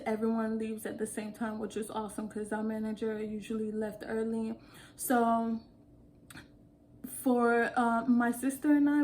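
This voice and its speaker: Animated higher-voiced woman telling stories. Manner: animated, laughs often, acts out quotes. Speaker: vlogger. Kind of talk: casual storytime.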